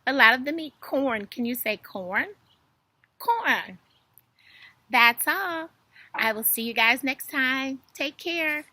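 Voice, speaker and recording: A woman's voice: sits high, lively intonation, slow, long pauses, pushed and bright, dry recording. A young woman reading a story and doing animal flashcards for toddlers in a sing-song, exaggerated way. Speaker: children's video host.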